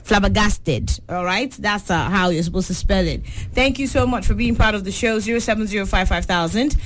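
A young Nigerian woman hosting a call-in spelling quiz, saying each word slowly and clearly. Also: medium pitch. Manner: pronounces quiz words slowly and deliberately. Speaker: radio quiz host.

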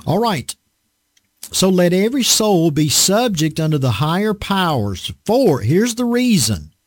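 A man preaching an online Bible study sermon, slow and deliberate, drawing out words for emphasis. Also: sits high, very animated, no room sound, clean studio sound.

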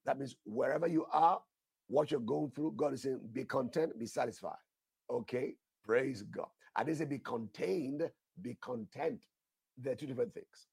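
Gravelly emphatic male preacher. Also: mid-range voice, normal speed, a little mellow, no echo, clean studio sound. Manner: emphatic, repeats phrases, asks the listeners questions. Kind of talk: sermon with prayer and tongues.

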